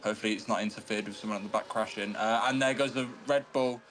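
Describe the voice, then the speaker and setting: A man co-commentates an online sim race, talking through the driving and checking in on viewer chat. His voice is on the low side and quick-paced, and he stays steady and chatty as he reads the chat. Slight background noise is audible.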